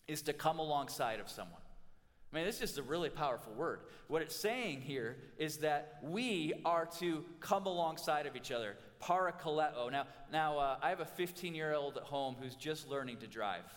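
Animated pastor preaching in a reverberant hall. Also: male voice, fairly high pitch. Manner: animated storytelling with humor and restarts. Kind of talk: sermon.

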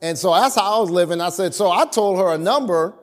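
A man's voice: high voice, a little fast. A man preaching a sermon and telling stories from his marriage, acting out his own lines and calling on the congregation to answer. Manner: animated storytelling with acted-out quotes; calls for responses from the congregation. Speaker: pastor.

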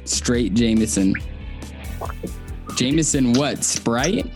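A man's voice: medium pitch, lively intonation, slow pace, over music. A man co-hosting a casual podcast, joking and teasing the others. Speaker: podcast co-host.

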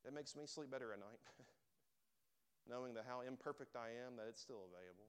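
A man's voice: medium pitch, brisk, smooth. Emotional man preaching a sermon. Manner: emotional, emphatic preaching with swings between loud and soft. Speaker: pastor. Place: church sanctuary.

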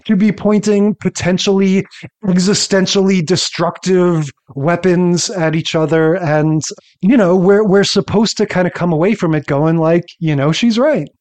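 A man's voice: high-pitched, a little slow, a little mellow. A man co-hosting a podcast, chatting casually about old sitcom episodes. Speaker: podcast co-host. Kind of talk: casual chat recapping TV episodes.

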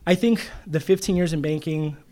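A man's voice: a little high, moderate pace. Middle-aged man telling a story. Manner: animated storyteller quoting others with "he goes". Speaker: guest, loan broker. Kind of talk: casual interview storytelling.

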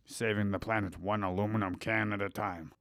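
A man's voice: lowish voice, steady tone, brisk, fairly bright tone, no room sound, clean studio sound. A man co-hosting a podcast in casual, crude banter, rambling and joking, a few drinks in. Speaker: podcast co-host.

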